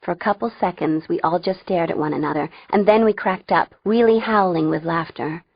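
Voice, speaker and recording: Woman reading an audiobook, lowish voice, wry and chatty, dry slightly dull booth sound. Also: a little fast, no echo. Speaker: audiobook narrator. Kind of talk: first-person audiobook narration.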